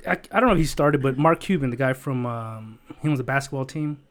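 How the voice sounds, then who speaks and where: A man's voice: medium pitch, quick pace. A man in casual chat, telling a long rambling story with lots of swearing, fillers and emotion.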